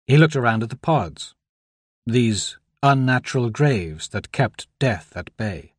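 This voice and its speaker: An audiobook narrator, male and medium-pitched, works through a novel in scripted, evenly measured narration. It's studio-quality audio with no echo.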